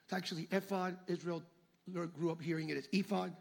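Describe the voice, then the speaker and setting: A man preaching a sermon as pastor, swinging between shouted exhortation and hushed asides. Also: on the high side, fairly even intonation, fast talker, vocal fry, slightly rough.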